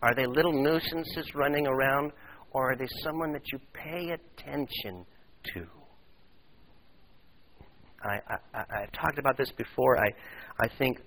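A male pastor with a bright, forceful voice delivers a sermon, moving between storytelling and direct appeals to his congregation. His pitch sits in an ordinary middle range. A faint hiss of noise runs underneath the recording. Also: measured pace, pauses often, rough recording.

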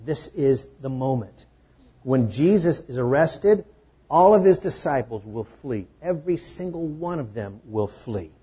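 A man preaching a sermon to a congregation, explaining scripture in a conversational, gently humorous way. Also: mid-range voice, lively intonation, a little slow, breathy edge, highs cut off. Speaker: pastor. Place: room with a congregation.

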